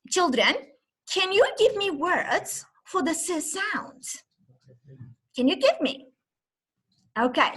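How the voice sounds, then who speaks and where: A high-voiced woman leads an online teaching demo over a video call, her pitch leaping up and down in a sing-song classroom way. She takes her time, drawing out each letter sound, and her tone stays bright and clear. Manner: slow, exaggerated classroom talk, sounding out letters. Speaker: teacher trainer.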